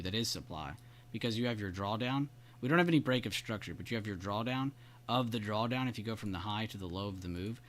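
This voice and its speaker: The host of a live trading stream, hiccups and all, speaks in a lowish, fairly bright voice while casually going over charts and praising viewers by name. A little hiss or hum runs under the recording.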